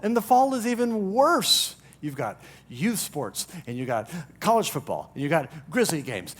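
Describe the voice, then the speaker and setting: Middle-aged male pastor, Southern US accent, light tenor, animated, conversational sermon delivery. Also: on the high side. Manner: animated storyteller, acts out quoted voices with rising emphasis.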